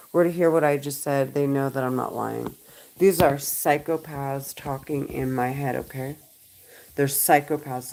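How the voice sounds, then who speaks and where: A woman's voice: deep voice, a little mellow, rough recording. A woman recording a vlog at home, talking in an agitated, pleading, repetitive way. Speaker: vlogger. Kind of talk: monologue to camera.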